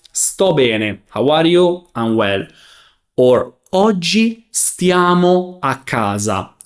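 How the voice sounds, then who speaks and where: Guy teaching beginners, real slow and patient, spells out every form. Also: mid-range voice. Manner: patient, spells out forms and translates each one. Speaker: Italian teacher. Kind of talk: slow, clear beginner grammar lesson.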